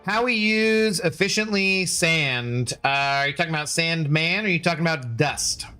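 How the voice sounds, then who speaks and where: A man's voice: on the high side, normal speed, sharp tone, clean tone, soft background music. A man chatting casually on a livestream, reading chat aloud and rambling playfully with many self-corrections.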